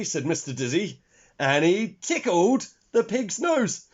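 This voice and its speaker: A man reading a children's story aloud, expressive and speaking to young listeners. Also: high-pitched, slow, breathy edge. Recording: dull lo-fi recording.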